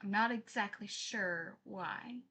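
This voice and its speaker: A woman's voice: mid-range voice, takes it slowly, pushed and bright, husky. A woman live-streaming, chatting casually with her viewers, apologizing often and reading their messages aloud.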